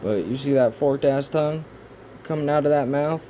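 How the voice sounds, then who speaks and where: A man rambling through pictures in casual commentary, swearing often and breaking into excitable outbursts between rambling asides. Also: mid-range voice, fairly quick, a little hiss or hum. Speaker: video creator. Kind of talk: casual conspiracy commentary over images.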